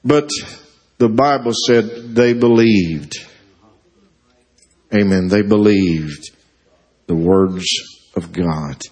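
A man's voice: on the low side, very slow, long pauses, darkish tone. A male pastor preaching a sermon, building to emotional climaxes and stretching out his phrases.

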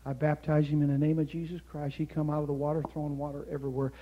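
Older male preacher, fairly high voice, hushed storytelling that erupts into shouting, dull recording. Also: little pitch movement, fast. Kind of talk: sermon.

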